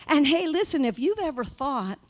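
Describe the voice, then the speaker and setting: A woman's voice: high-pitched, sing-song, normal speed. A woman minister giving a conversational spiritual talk to a live group, often asking her listeners "right?".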